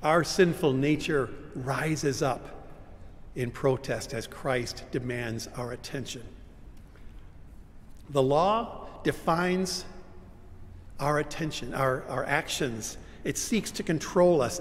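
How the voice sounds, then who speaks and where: Emphatic male pastor in a reverberant church. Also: medium pitch. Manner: dramatic, emphatic preaching with slow deliberate phrasing. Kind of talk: sermon. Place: church sanctuary.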